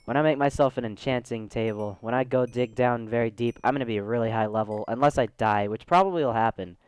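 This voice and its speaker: A man's voice: medium pitch, fast, clean tone, no room sound. A man with a Southern US accent giving chatty, goofy let's play commentary, talking straight to his viewers. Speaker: gaming channel host.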